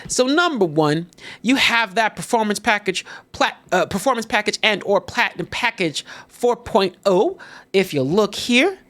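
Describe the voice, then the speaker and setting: A man's voice: high-pitched, moderate pace. A man hosting a podcast, doing a casual, playful ad read and chatting with his co-host. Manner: animated, playful, jokey.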